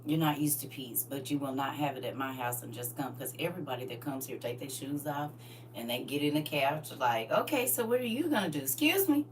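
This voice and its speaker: A middle-aged woman preaching through funny stories, chatting directly with the crowd and now and then bursting out loudly. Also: rumbling low, fairly quick. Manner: lively and chatty, teasing the crowd directly, sudden loud outbursts. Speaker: speaker at a live church gathering. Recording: far-off mic with faint hum.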